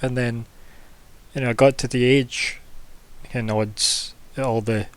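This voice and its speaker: A man narrating as game master of a tabletop game, talking haltingly and restarting often. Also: medium pitch, steady tone, no room sound.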